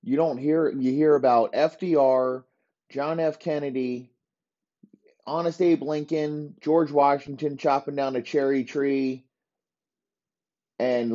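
A man's voice: mid-range voice, warm tone, highs cut off. A man hosting a podcast, ranting profanely in a rambling comic monologue. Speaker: podcast host. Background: dogs barking.

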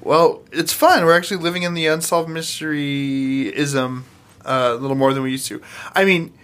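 A man's voice: a little high, steady tone, moderate pace, a bit bright, smooth. A man hosting a podcast in casual chat, rambling with lots of fillers and casual swearing. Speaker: podcast host.

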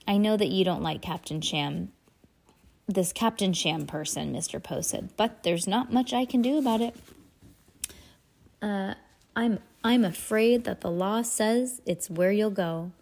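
A woman's voice: mid-range voice, creaky, a little mellow. A woman reading a novel aloud in a casual way, stumbling and correcting words as she goes. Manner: reads aloud haltingly, stops to comment and laugh. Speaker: reader. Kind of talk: casual read-aloud with asides.

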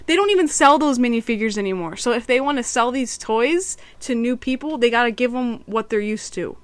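A woman's voice: on the high side, a little fast, hardly any pauses, no room sound. A woman hosting a podcast, reviewing cartoon episodes in casual, chatty talk and acting out quotes. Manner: chatty, giggly, acts out quotes.

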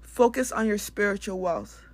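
A woman's voice: mid-range voice, moderate pace. A woman hosting a casual spiritual talk, speaking candidly and bluntly, swearing and laughing often. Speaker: spiritual podcast host.

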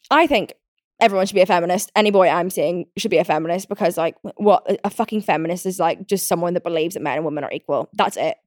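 A woman's voice: lowish voice, no echo, studio quality. Riled-up, chatty British podcast host woman. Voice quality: chatty and expressive, with frequent fillers and swearing. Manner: ranting and riled up, laughs often. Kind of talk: casual chat.

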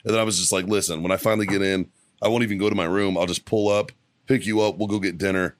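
Low-voiced man telling profane stories. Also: fairly even intonation, fast talker, no room sound. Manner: profane, rambling anecdotes. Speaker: podcast co-host. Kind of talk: casual storytelling chat. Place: studio.

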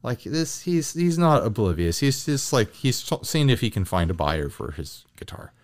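Lively man in casual podcast chat. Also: mid-range voice. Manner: animated, joking, quick asides. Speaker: podcast co-host.

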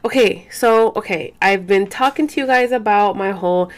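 A woman's voice: medium pitch, moderate pace. Chatty, profane young woman vlogger. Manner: profane, rambling, code-switches into Spanish; frequent fillers and restarts. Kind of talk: casual chat to camera.

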